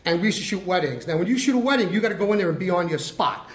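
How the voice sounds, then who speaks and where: An older man with a notably high voice tells lively stories as a guest filmmaker, acting out the lines of the people in them. The sound has a roomy echo. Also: very fast. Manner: animated, acts out quotes. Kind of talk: casual storytelling chat. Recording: roomy echoey room.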